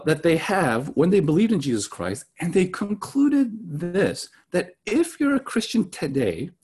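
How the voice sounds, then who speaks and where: Husky, high-pitched, and a little mellow, a man's voice carries a conversational sermon. As pastor, he frequently checks in with his listeners, with "right?" coming up often.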